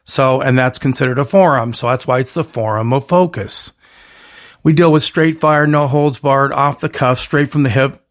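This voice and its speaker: A man's voice: mid-range voice, normal speed. A man hosting his own solo podcast, talking in a rambling, emphatic way with punchy catchphrases and frequent self-corrections. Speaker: podcast host.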